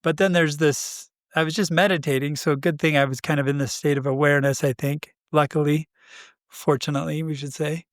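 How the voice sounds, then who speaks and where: Man, podcast co-host, casual storytelling, animated, acts out dialogue, laughs a lot, slightly high voice, dry close sound. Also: brisk, no room sound.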